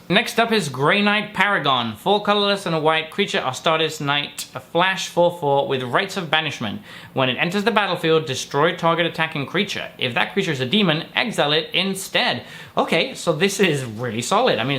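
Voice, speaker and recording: A man with a bright, forceful voice that sits a little high for a man. He reviews trading cards in an upbeat, casual way, reading out each card's rules and then reacting to them. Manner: upbeat, reads card text then reacts. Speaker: card game reviewer. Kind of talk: casual card review commentary.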